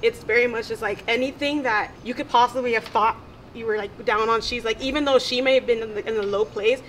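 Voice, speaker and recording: A woman's voice: fairly high pitch, steady tone, fairly quick, a bit bright, slight background noise, low-quality recording. A young woman, a friend of the bride, shares memories while teary and giggling, apologizing as she goes. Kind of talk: casual toast among friends. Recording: chattering crowd around.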